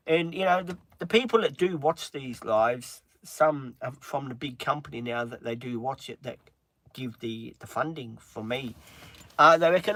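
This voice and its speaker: A man chatting on a livestream in a halting, earnest way, with many pauses and restarts, openly upset. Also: medium pitch, bright, forceful tone. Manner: halting, frequent ums and restarts. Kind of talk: casual livestream chat.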